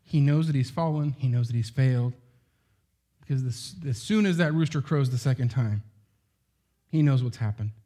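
A middle-aged man preaching a sermon, talking to his congregation like he's chatting with friends. He leans on filler words and rhetorical questions, keeping it loose and informal in a voice that sits at an ordinary male pitch. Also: moderate pace, mellow. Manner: conversational, heavy use of "like" and rhetorical questions.

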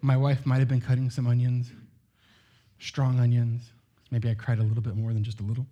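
A man's voice: medium pitch, monotone, fairly quick, lo-fi sound. A middle-aged man preaching a sermon in a loose, conversational way, full of asides and rhetorical questions.

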